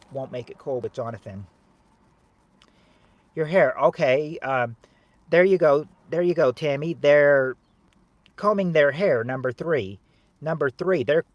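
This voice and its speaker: A man hosting a game show game on a livestream, joking with viewers in chat and loudly repeating the answers. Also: mid-range voice, dry recording. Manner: jokey and teasing, calls out answers loudly and repeats them. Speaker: livestream host running a family game show game. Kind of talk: casual livestream chat, reading viewers' guesses.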